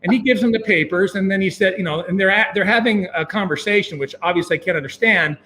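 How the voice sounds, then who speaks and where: A man telling a long personal story as an interview guest, animated and full of fillers and chuckles. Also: sits high, fast talker, slight background noise. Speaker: guest, venture capitalist. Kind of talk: casual anecdote telling.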